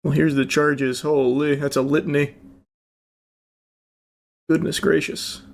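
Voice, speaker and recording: A man's voice: fairly high pitch, flat delivery, slow, creaky. A man in his thirties giving casual reaction commentary on videos, with dry, blunt remarks and some swearing.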